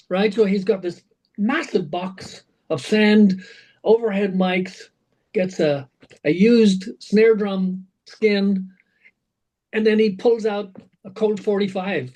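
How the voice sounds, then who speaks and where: A man, a rock singer being interviewed, telling animated anecdotes full of fillers and restarts. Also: high-pitched, slow, low-quality recording. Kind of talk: casual interview storytelling.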